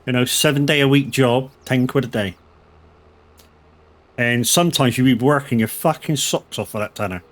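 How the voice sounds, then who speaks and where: A man's voice: mid-range voice, normal speed. Swearing man streaming a game. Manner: rambling, swears freely, anecdotal. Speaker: gaming streamer. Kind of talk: casual chat while playing a farming game.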